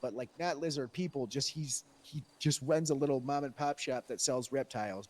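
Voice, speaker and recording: A man's voice: a little high, darkish tone. A man telling a rambling, profane tall tale in character during a role-play game. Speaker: role-playing police character.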